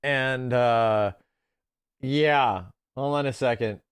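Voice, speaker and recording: An excitable male streamer talks casually to his live chat from home, laughing easily. His voice sits at an ordinary middle pitch and the sound is dry and close, with no room around it. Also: drawn-out words, smooth, no room sound.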